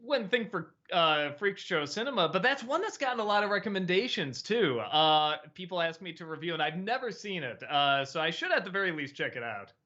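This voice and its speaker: Hesitant man, lively bright voice. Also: high voice, brisk, hardly any pauses, muffled recording. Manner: hesitant, many fillers and restarts, laughs easily. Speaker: host of a live-streamed chat show. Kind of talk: casual live-stream chat answering viewers.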